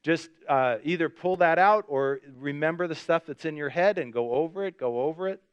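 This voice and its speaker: Pastor, male, casual and animated sermon delivery with lots of fillers; smooth, resonant tone. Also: on the high side, normal speed, highs cut off. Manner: lively storytelling, voice jumps up when acting out the scene; chatty, with many fillers. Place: church service.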